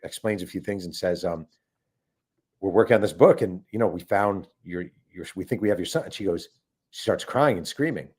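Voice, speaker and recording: A middle-aged man tells a long story on a talk show with a lower-pitched voice. He is animated and slips into quoted voices as he goes. His delivery is conversational and unscripted. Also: normal speed, husky. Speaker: author guest. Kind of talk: casual storytelling interview.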